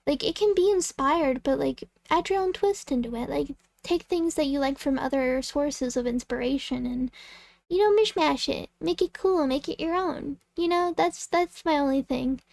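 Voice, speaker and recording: A woman's voice: high-pitched, normal speed, creaky, darkish tone. A woman artist chatting casually while she draws, rambling with lots of "like" and "um" and giggling often. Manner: rambling and giggly, full of "like" and "um" fillers. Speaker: artist and channel host. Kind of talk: casual chat while drawing.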